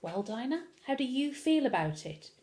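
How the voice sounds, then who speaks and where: A woman reading aloud, voicing a solemn, gentle female social worker. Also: high-pitched, big pitch swings, moderate pace, pitched above the performer's own voice.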